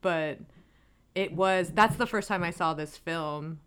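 A woman co-hosting a podcast, her voice sitting a little low for a woman. She talks eagerly and loosely, with plenty of "like" fillers in easy, casual chat. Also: takes it slowly, fairly bright tone, clean tone. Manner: chatty, enthusiastic, frequent "like" fillers. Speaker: podcast co-host. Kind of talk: casual film discussion.

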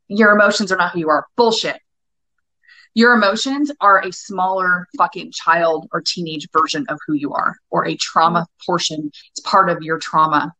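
A woman's voice: on the low side, sharp tone, dry recording, poor audio. A woman in her forties, a guest coach on a podcast interview, talking in a passionate, emphatic way with plenty of swearing. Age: 40s. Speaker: guest, anger-work coach.

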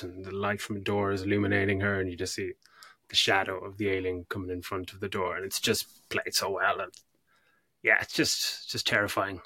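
A man's voice: fairly low pitch, dry recording. A man co-hosting a podcast, chatting casually about a film, swearing freely and acting out scenes. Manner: animated, swearing, acts out scenes. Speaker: podcast co-host.

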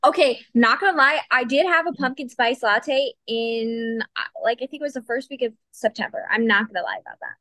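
High bubbly woman guest goofing around on a podcast, dry close mic. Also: brisk, pushed and bright, no room sound. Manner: giggly, silly, jumps into banter. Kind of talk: casual chat.

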